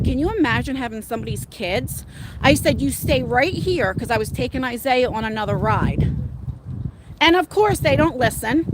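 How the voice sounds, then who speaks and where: A middle-aged woman livestreaming from her phone on an outdoor walk, telling rambling, excitable stories to her viewers. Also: sits high, heavy background noise. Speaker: livestream host. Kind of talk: casual live-stream chat. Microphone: phone held at arm's length.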